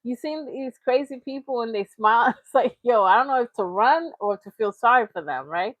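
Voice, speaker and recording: A woman's voice: on the high side, animated, normal speed, no echo. A woman hosting a reaction channel, talking in casual, chatty commentary with frequent laughs. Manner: chatty, laughing, slips into mocking impressions.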